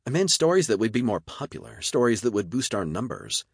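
A man's voice: mid-range voice, very animated, fairly quick, creaky, slightly rough, no room sound, studio quality, voice pushed up, full character voice. A man voicing a stubborn young woman reporter who complains and asks doubtful questions. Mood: questioning.

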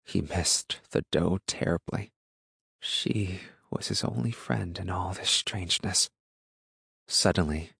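A man reading a novel aloud as narrator, in a steady, measured storytelling manner. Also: sits low, gravelly, husky, no echo, studio quality. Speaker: audiobook narrator. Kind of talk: scripted narration.

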